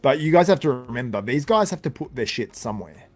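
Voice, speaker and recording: A man's voice: medium pitch, big pitch swings, quick pace, soft background music. Man with a tired, sore voice. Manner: chatty, reacts to chat with laughs. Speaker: livestream host. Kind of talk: casual live commentary.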